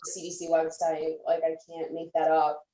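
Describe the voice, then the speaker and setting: A woman's voice: deep voice, completely flat delivery, moderate pace, reverberant, background noise. A woman co-hosting a satirical talk show, teasing and sarcastic, who fills her lines with "like.". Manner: sarcastic, teasing, uses "like" a lot. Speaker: co-host.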